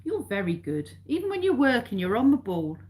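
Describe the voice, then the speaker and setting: A woman's voice: on the high side, big pitch swings, brisk, dark tone. A middle-aged Englishwoman chatting with her live viewers. She rambles, loops back and corrects herself, and her tone stays friendly and informal. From England. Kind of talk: casual live-stream chat.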